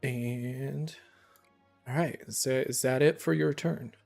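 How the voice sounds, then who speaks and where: A man narrating as dungeon master, lively and quick to laugh. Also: mid-range voice, vocal fry, faint music behind. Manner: laughing often, animated narration. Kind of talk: narrating a tabletop game.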